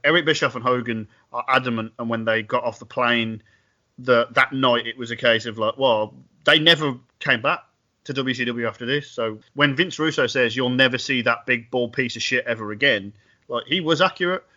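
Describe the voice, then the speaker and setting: A man co-hosting a podcast, recapping events in a wry, animated way. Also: medium pitch, normal speed, lo-fi sound. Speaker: podcast co-host. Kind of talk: casual podcast chat.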